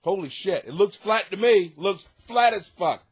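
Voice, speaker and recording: A man's voice: high-pitched, expressive, normal speed, slightly rough. A man hosting a comedy podcast, ranting profanely with sarcastic mock outrage while reading listener letters. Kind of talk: crude comedic advice rant. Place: home basement.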